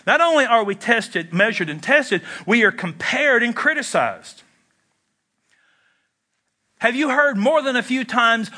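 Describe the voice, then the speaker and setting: A man preaching a sermon, animated and jokey, jumping into mock voices and leaping in pitch. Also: a little slow, pauses often. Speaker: pastor.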